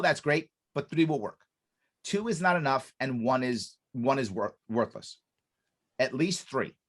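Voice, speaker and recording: A man speaking as a podcast guest and business consultant, explaining a method emphatically, repeating key points with restarts. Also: mid-range voice. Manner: animated, acts out quoted dialogue.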